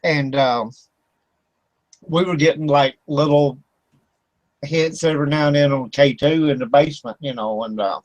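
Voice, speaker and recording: A man's voice: fairly high pitch, steady tone, moderate pace, long pauses, no echo, muffled recording. A man hosting an internet radio talk show. He tells a rambling story with lots of fillers and laughter. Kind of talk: casual chat. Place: home studio for internet radio.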